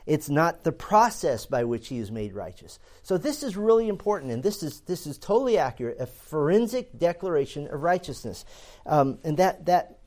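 A man's voice: fairly high pitch, darkish tone. A man giving a theology lecture in an earnest, explanatory way, often restarting phrases with fillers. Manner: earnest, repeats words while thinking, many fillers. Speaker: theology teacher. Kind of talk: classroom lecture.

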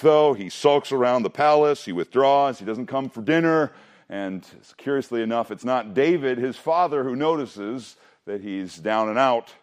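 Low-pitched male pastor; relaxed conversational preaching with dry humor. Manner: conversational, with wry joking asides to the congregation. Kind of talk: sermon.

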